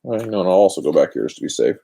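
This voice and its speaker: On a casual craft live stream from a chilly home garage, a deep, mellow-toned man rambles loosely and good-naturedly, making fun of himself. His delivery is sing-song, rapid-fire and creaky, captured by a built-in laptop microphone.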